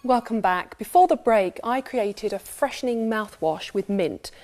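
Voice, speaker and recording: A woman's voice: mid-range voice, darkish tone, slight background noise. Upbeat British woman presenting on TV. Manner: brisk, upbeat and instructive. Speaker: TV beauty presenter. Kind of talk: demonstrating a recipe on TV.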